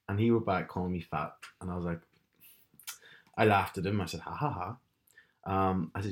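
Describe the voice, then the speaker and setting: A young man talks through an anecdote in easy, casual chat. His voice sits fairly low, and he laughs often as he tells it with dry, wry humour. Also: steady tone, a little fast. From Northern Ireland.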